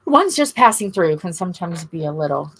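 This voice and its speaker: A middle-aged Southern US woman hosts a casual livestream in a lowish, husky, slightly bright voice that swings widely in pitch and runs a little fast. She chats with her viewers in a rambling, gushing way.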